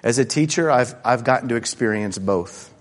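A man preaching a sermon as pastor, animated and swinging between loud bursts and hushed asides. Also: medium pitch, moderate pace. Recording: long hall reverb.

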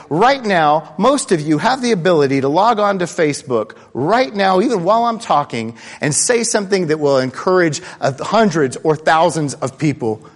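Male pastor giving a sermon, swings loud to quiet, echo trailing off in a big church hall. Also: fairly high pitch. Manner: animated, swinging from loud to hushed. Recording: long hall reverb.

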